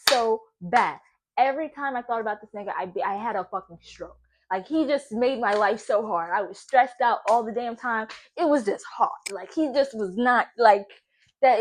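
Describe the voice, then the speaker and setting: A young woman spilling a story in her home kitchen as she bakes. She talks casually and swears freely. Her voice is lively and animated, and she laughs often. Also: a little high, moderate pace, slight background noise. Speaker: vlogger. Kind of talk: casual storytelling while baking.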